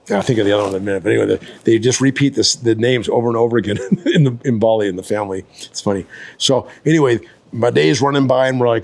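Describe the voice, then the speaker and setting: A man in his sixties, a surf photographer, telling a long story casually, full of fillers, restarts and quick asides. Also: on the low side. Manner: rambling, lots of fillers and restarts.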